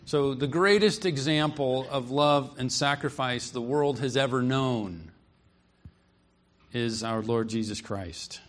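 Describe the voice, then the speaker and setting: A man's voice: mid-range voice, slow pace. A man preaching an expository sermon, earnest and emphatic, reading scripture aloud and explaining it.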